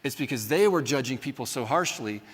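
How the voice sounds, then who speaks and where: A man's voice: mid-range voice, lively intonation, fairly quick. A man teaching a classroom lecture, talking casually and often asking "right?" as he acts out what people say. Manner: conversational, often acts out quoted voices, adds "right?". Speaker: Bible college teacher. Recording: reverberant hall.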